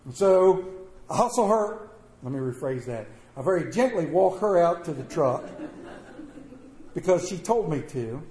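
A middle-aged man tells a personal story to an audience in a folksy, animated way. His voice is mellow and pitched a little high for a man. He is recorded in an echoey room with faint ambience behind him. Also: unhurried. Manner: folksy, animated, with a rural drawl in his wording.

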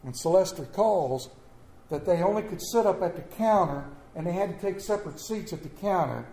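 A middle-aged man preaching a sermon to his church, telling stories in a folksy way with sudden loud bursts. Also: sits high, expressive, fairly quick. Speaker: pastor. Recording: echoey church room.

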